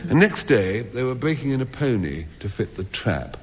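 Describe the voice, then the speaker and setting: A man's voice: medium pitch, very animated, normal speed, a little mellow. A man on a comedy panel show telling a rambling comic anecdote to a theatre audience, with chuckles and restarts. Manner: rambling, self-interrupting storyteller with chuckles. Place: theatre stage before an audience. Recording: old lo-fi radio broadcast with hall reverb.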